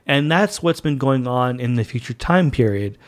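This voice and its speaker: A man's voice: medium pitch, expressive, normal speed. A male podcast host talking casually and enthusiastically as a fan. His voice sits in a middle register, and he rambles along in a chatty way. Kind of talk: casual monologue.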